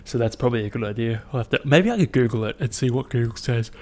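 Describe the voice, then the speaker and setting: A young man hosting his own podcast, chatting in a rambling, profane, animated way as he tells stories. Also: medium pitch, a little fast. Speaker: podcast host. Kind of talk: casual solo podcast chat.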